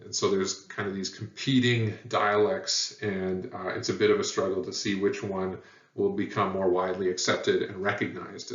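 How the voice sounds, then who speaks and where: Lecturing man, lowish voice, plenty of ums, roomy and dull distant sound. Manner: relaxed, thinking aloud with many fillers. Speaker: teacher. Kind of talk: recorded lecture. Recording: echoey room heard from far, dull sound.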